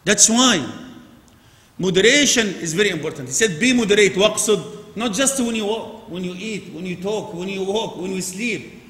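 Preacher in an echoing mosque. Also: male voice, moderate pace. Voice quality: non-native English with Arabic phrases. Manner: swings from loud emphatic urging to low quiet asides. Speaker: imam giving a Friday sermon. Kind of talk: sermon. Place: large mosque prayer hall. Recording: echoey mosque hall with long reverb.

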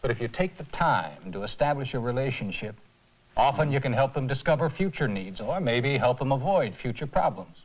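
An actor playing a calm, patient mentor who teaches customer service, in a 1980s educational film. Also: male voice, mid-range voice, fairly quick, natural voice, rough recording. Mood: instructive. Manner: calm, instructive. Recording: faint hiss on an old tape transfer.

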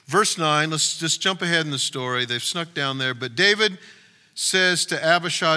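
A man's voice: a little high, moderate pace, sharp tone, smooth. A male pastor giving a sermon in a conversational way, retelling a story with asides to the congregation. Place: church.

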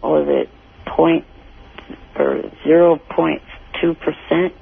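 A man calling into a radio show, speaking in a gloomy, flat, slow way. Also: on the high side, vocal fry, breathy edge. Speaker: regular caller. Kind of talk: phone-in chat. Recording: muffled radio broadcast.

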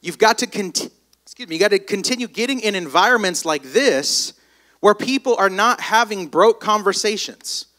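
High-voiced, energetic motivational speaker. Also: male voice, moderate pace. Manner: energetic, storytelling, calls on the crowd. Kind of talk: motivational speech to a live audience. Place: live event stage.

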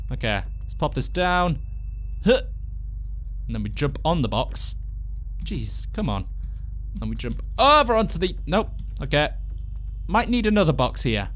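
An excitable man commentates a video game and cracks jokes at the characters on screen. His voice sits fairly high and leaps up and down in pitch, with big swings from calm remarks to yelps. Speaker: let's play host. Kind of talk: gameplay commentary.

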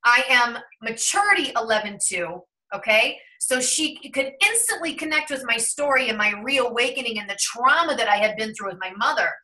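An Ohio woman in her thirties who hosts a tarot and numerology channel tells a personal story on a call in a bright, sharp, fairly high voice. She's loose and chatty, acting out quoted remarks, and sounds slightly distant from the mic.

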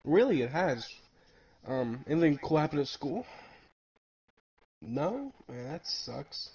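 A man's voice: a little high, sing-song, slow, darkish tone, husky. A young man telling a story in casual podcast chat, rambling and swearing and saying "like" often. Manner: rambling, profane, full of "like". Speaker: podcast host. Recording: dull lo-fi with faint hiss.

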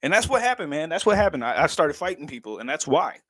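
A man in his thirties hosts a casual livestream, joking and laughing between lines. His pitch swings widely and sits a little high for a man. The sound is dry and close with no room around it. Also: very animated, fast, a bit bright, slightly rough, no room sound. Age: 30s. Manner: laid-back, joking, laughs often, swears casually. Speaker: livestream vlogger.

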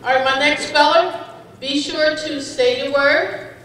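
A woman reading spelling words, definitions and example sentences to children at a school spelling bee, speaking deliberately and kindly over a microphone. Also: sits high, fairly even intonation, fairly bright tone, a little hiss or hum. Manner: slow, deliberate word reading, kind to children. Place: school event hall. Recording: echoey hall from far off.

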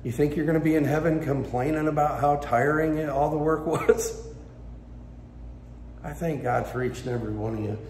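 A man's voice: on the high side, normal speed, darkish tone, roomy sound, slight background noise. A male pastor preaching a sermon with passionate, emphatic delivery that builds in intensity. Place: church sanctuary.

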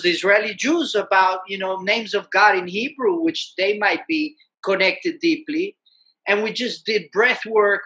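A high-pitched man, a musician and peace activist, tells a story as a guest, speaking in a lively, conversational way and often saying "you know."

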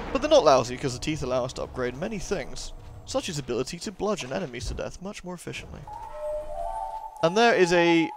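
A man casually commentating his gameplay, chatty and rambling with jokey asides. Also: fairly high pitch. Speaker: let's play host. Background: game music.

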